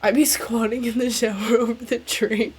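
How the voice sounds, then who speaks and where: A young woman streaming a game, chatting casually in a crude, joking and excitable way. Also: fairly high pitch, moderate pace, husky. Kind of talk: casual gameplay stream chat.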